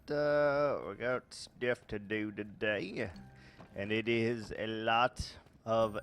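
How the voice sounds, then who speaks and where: A man's voice: on the low side, fairly bright tone. A man doing unedited commentary over his Minecraft gameplay, thinking aloud with many fillers. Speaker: Minecraft let's-play host.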